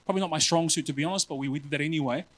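Animated preacher man with a high voice. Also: rapid-fire, a little hiss or hum, low-quality recording. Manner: animated, self-mocking, keeps addressing the crowd as family. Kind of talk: sermon.

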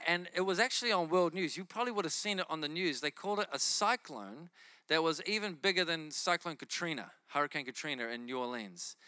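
Bright-voiced male preacher telling a story. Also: a little high, no room sound, studio quality. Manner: animated storyteller acting out his own inner voices. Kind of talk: sermon testimony storytelling.

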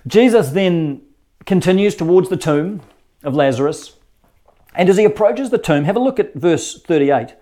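A man delivering a sermon in an earnest, conversational way, often repeating words mid-thought. His voice sits a little high yet sounds mellow and soft-edged. He tells the story like he is chatting with his congregation. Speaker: pastor.

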